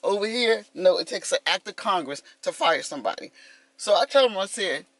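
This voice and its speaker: A woman's voice: mid-range voice, expressive, brisk, a bit bright, dry recording. A woman in her fifties talking casually to her vlog viewers, telling a story with lots of animation and calling them y'all. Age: 50s. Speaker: vlogger.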